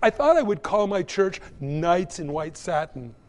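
Preacher as spacey hippie, dreamy drawl, echoey hall. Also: male voice, high voice, sing-song, unhurried, darkish tone.

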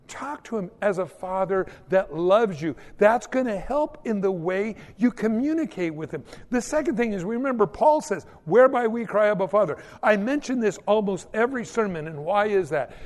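A man preaching a sermon as a pastor, telling stories in a folksy, animated way. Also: high-pitched, big-room sound. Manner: animated, folksy storytelling with mock old-English prayers.

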